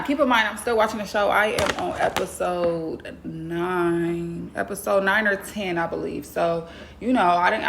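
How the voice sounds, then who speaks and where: Blunt, gravelly-voiced woman vlogger. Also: mid-range voice, a bit bright, a little hiss or hum. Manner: blunt, profane, slangy and chatty. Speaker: vlogger reviewing a TV show. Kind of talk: casual recap vlog.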